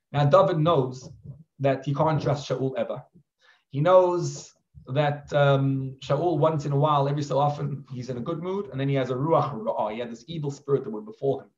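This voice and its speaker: A man's voice: mid-range voice, normal speed, a little mellow. A man, a rabbi, giving a Torah class and retelling a biblical story with animation, dropping in Hebrew terms. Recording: roomy, slightly dull recording.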